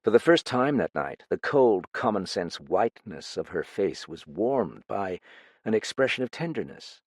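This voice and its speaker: A man narrating an audiobook with a low voice and an animated, wide-ranging delivery. His reading is expressive and measured. The recording sounds dry and close. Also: husky, dry recording. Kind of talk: scripted narration.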